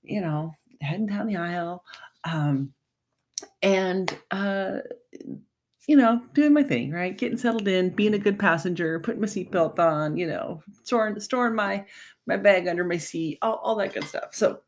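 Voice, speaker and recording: A woman's voice: mid-range voice, normal speed. A woman hosting a podcast and working as a mental health coach, telling a personal story in a chatty, heartfelt way with lots of fillers and laughs. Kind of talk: casual storytelling monologue.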